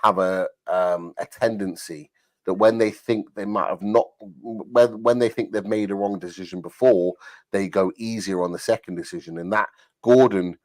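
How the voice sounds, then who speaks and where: Low-voiced man explaining a handball rule. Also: fairly even intonation, moderate pace, no room sound. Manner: agreeing, explains the rules, fillers and restarts. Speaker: football podcast co-host. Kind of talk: post-match fan chat on a livestream.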